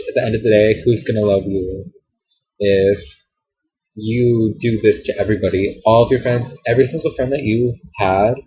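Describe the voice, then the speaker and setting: Husky young man ranting, dull lo-fi audio. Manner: heated, profane, sassy ranting. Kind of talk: venting rant to camera. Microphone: built-in camera mic. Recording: dull low-quality camera audio.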